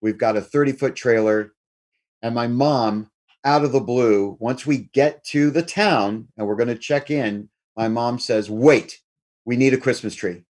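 A middle-aged man telling a personal story in a lively way, now and then putting on his family members' voices. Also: medium pitch, a little slow. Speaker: guest storyteller.

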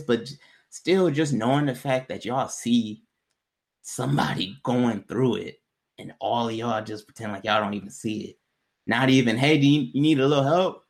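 A man recounting a personal story in relaxed, everyday talk. His voice sits at an ordinary middle pitch, and his delivery is candid and loose, with frequent cursing and conversational asides. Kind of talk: casual storytelling.

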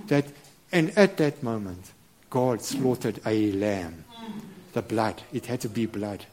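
A middle-aged man preaching a sermon, halting and earnest, with many repeated words and restarts. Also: medium pitch, darkish tone. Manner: earnest and reverent.

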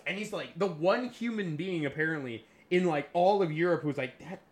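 Guy hosting a chill podcast, kinda high voice, swears a lot, laughs a lot. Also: moderate pace, reverberant. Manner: swears freely, laughs often, animated storytelling. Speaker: podcast host presenting a history topic. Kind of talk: casual podcast chat.

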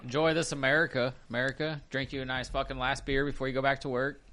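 A man co-hosting a podcast, relaxed and swearing casually. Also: mid-range voice, fast talker. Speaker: podcast co-host. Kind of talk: crude casual banter.

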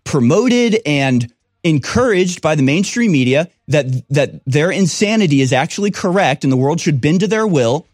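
A man's voice: on the high side, lively intonation, moderate pace, no room sound, clean studio sound. A man reading news stories aloud and breaking off into scornful, sarcastic commentary as host of his own show.

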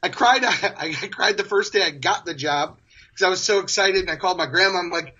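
A man in his forties, a guest telling stories in a casual, animated way, often laughing as he talks. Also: high-pitched, fairly quick, highs cut off. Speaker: interview guest. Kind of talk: casual storytelling.

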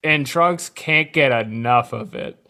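A man's voice: medium pitch, slow pace, pushed and bright. A man chatting casually as a podcast co-host, throwing in joking asides and laughing. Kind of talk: casual chat.

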